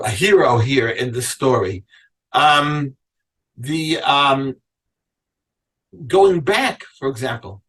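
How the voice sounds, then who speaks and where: A man's voice: a little high, fairly bright tone, far from the mic, rough recording. A man teaching a Torah class as a rabbi, reading verses aloud and then asking his listeners pointed questions. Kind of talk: Torah lecture to a live class.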